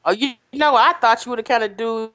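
A woman co-hosting a podcast, playful and teasing, with drawn-out exclamations. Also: on the high side, a bit bright, highs cut off. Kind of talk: casual chat.

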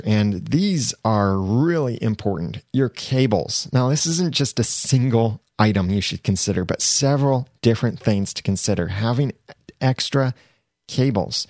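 Host type: man, lowish voice, casual gear explainer, dry close sound. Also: a little mellow, no echo. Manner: chatty, self-correcting, slows down to stress items. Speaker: podcast host reviewing gear.

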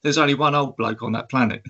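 A man's voice: mid-range voice, brisk, bright, forceful tone, muffled recording. A man co-hosting a film review podcast, talking casually and rambling with lots of ums. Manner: rambling, hesitant, many ums and laughs. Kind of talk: casual chat.

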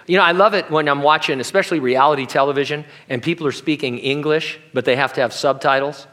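A man's voice: a little high, fast talker, fairly bright tone. Man preaching a casual sermon. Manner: conversational, jokey asides. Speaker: pastor.

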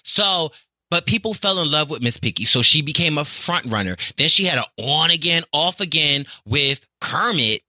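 Animated bright-voiced man with a Southern accent. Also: a little high, moderate pace, no echo. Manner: theatrical, laughing, emphatic. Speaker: podcast guest. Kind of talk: animated casual chat.

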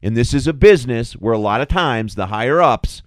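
A man's voice: mid-range voice, animated, fairly quick. A middle-aged man co-hosts a talk show with an ordinary mid-range voice, earnest and persuasive as he lays out his argument. The sound is close and dry, with no room echo. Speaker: podcast co-host. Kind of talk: casual discussion.

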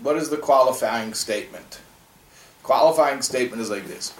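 A man's voice: mid-range voice, animated, normal speed, roomy sound, far from the mic, rough recording. A man teaching a classroom lesson on a religious text, talking conversationally and asking his students rhetorical questions.

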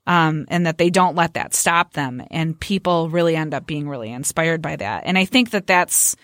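A woman's voice: deep voice, normal speed, a bit bright, no room sound, clean studio sound. A woman telling an emotional story in a casual podcast conversation, earnest and heartfelt.

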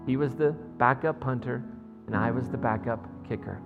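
A deadpan middle-aged coach speaks quietly and steadily, as a preacher puts him on. Each word is solemn and measured. The sound rings with a long church reverb, with faint music underneath. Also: male voice, medium pitch, gravelly, phone-quality sound, close to an everyday voice.

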